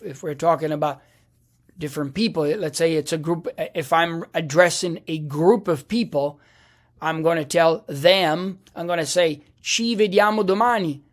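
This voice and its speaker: A man teaching a lesson, patient and halting, often restarting a phrase and checking in with the listener. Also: on the high side. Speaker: language teacher. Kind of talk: explaining a lesson.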